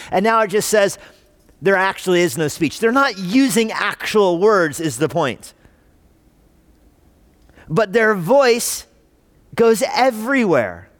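Male pastor, sermon delivery, higher voice with a lively swing, dry close sound. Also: no echo. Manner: animated, conversational preaching with rhetorical questions. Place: church.

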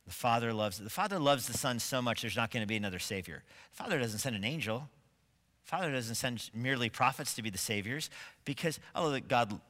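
Emphatic pastor with a bright voice. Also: male voice, mid-range voice, long reverb tail. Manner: emphatic, building to forceful stresses; asks rhetorical questions of the congregation. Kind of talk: sermon. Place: church sanctuary.

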